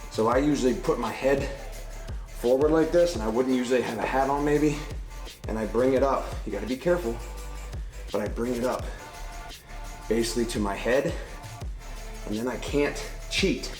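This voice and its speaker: Man coaching arm curls in an echoey gym. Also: medium pitch. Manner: coaching while lifting, counting reps. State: out of breath. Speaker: fitness trainer. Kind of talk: workout instruction. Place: home gym. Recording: roomy echo, music behind.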